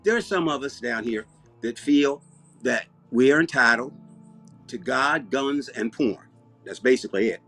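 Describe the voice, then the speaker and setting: A man with an Alabama Southern accent, hosting a comedy show and rambling deadpan through comic banter. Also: medium pitch, a little slow, faint music behind. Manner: rambling, deadpan, self-interrupting.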